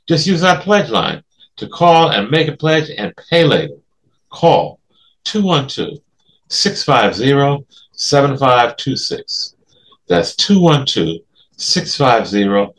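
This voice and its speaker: A man who hosts a community radio show, reading a scripted fundraising appeal in a clear, deliberate way. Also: low-quality recording. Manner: clear, deliberate read with lively pitch.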